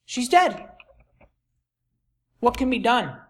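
A pastor preaching a sermon, reading scripture aloud and swinging dramatically from soft to loud with rhetorical questions. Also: medium pitch, big pitch swings, takes it slowly. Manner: reads scripture in King James wording.

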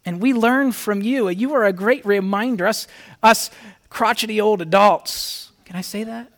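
A man's voice: high voice, a little slow, a bit bright. A man preaching a conversational sermon to his congregation, speaking earnestly and reading scripture aloud with rising emphasis. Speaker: pastor.

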